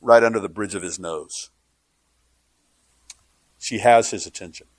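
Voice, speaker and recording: A man's voice: fairly low pitch, measured pace, no room sound. A male pastor preaching a sermon, telling stories in a conversational way and building to fervent preaching.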